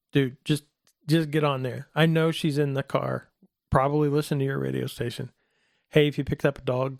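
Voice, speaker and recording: A middle-aged man telling a personal faith story in a casual talk, animated and acting out the voices of the people in it. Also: vocal fry, dry recording, studio quality. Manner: animated, acts out quoted voices in a higher pitch. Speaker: guest telling his testimony.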